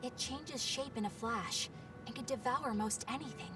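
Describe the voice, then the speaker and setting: A woman voicing an earnest young exorcist girl who rambles when flustered, her voice pitched high. She is heard from a distance through game audio, with music playing behind her. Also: moderate pace, natural voice. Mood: musing. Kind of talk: game voice acting.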